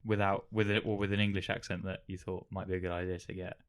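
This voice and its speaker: A man's voice: deep voice, little pitch movement, quick pace, clean tone. A man hosting a podcast interview, who asks friendly questions and sums up the answers. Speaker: podcast host.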